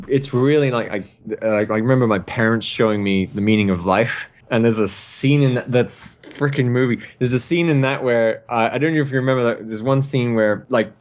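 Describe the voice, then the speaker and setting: A man in casual group conversation on a call, telling stories at a quick clip and acting out quotes in playful voices. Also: on the low side. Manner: animated, acts out quotes in silly voices. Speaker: podcast co-host.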